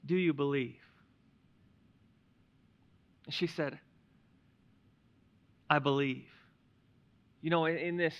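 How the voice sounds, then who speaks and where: Pastor, male, high and bright-toned, preaching with hushed lulls and emphatic peaks, muffled lo-fi church recording. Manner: swings between hushed reflection and loud emphatic declarations. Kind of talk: sermon. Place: church sanctuary.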